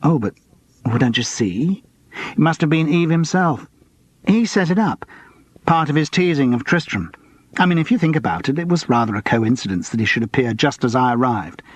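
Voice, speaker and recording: A man's voice: mid-range voice, lively intonation, normal speed, natural voice. A man reading an audiobook, voicing a middle-aged amateur sleuth who asks careful, probing questions.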